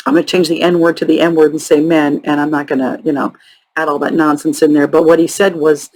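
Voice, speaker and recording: A woman hosting a true crime show, telling the case in a casual, halting way with frequent sarcastic and profane asides. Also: deep voice, little pitch movement, darkish tone, low-quality recording. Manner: halting, many ums and restarts. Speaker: true crime podcast host.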